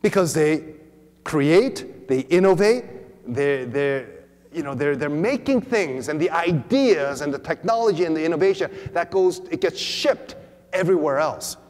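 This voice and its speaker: A man giving a teaching talk to a church audience, animated, often repeating words and acting out quoted voices. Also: on the high side, measured pace. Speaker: preacher. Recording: long hall reverb.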